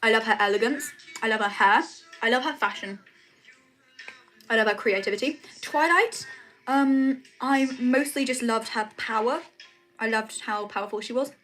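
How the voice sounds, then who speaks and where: A woman's voice: on the high side, normal speed, fairly bright tone, faint music behind. A young woman chatting casually on a livestream from her room at home, rambling with lots of "like" and "um". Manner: chatty, rambling, says "like" and "um" often. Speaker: streamer.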